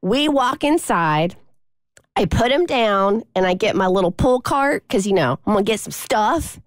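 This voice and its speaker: A woman's voice: mid-range voice, measured pace, dry recording, clean studio sound. A woman co-hosting a radio show, telling a funny story in a casual way and acting out the voices of the people in it. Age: adult mother of a toddler. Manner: animated, acts out voices in her stories. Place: radio studio.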